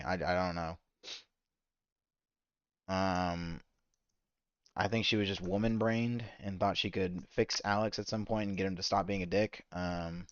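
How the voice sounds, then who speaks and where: Low-voiced man ranting while gaming. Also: no echo, lo-fi sound. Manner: profane, ranting, exasperated. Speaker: streamer reacting to a video. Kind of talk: casual reaction commentary while gaming.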